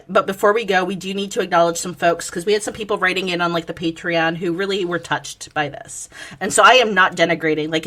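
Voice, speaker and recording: A woman's voice: medium pitch, sharp tone. A woman co-hosting a podcast, telling a story in casual chat with frequent laughter and swearing. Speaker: podcast co-host.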